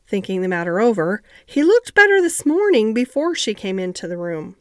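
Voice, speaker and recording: A woman's voice: medium pitch, very animated, moderate pace, no room sound, studio quality, natural voice. A woman voicing a flustered, anxious middle-aged housekeeper who sounds breathless and alarmed.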